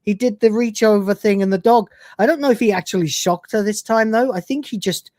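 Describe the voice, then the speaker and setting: A woman's voice: medium pitch, brisk, a little mellow, dry recording, clean studio sound. Profane British woman hosting a livestream. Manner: profane, exasperated, laughs often. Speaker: host. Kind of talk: livestream reaction with super chats.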